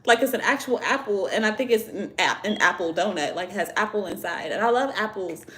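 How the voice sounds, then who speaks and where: A woman's voice: medium pitch, expressive, fairly quick, fairly bright tone. A young woman from Virginia hosting a tarot live stream, chatting in a loose, slangy, profane way. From Virginia, USA. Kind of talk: casual live-stream chat.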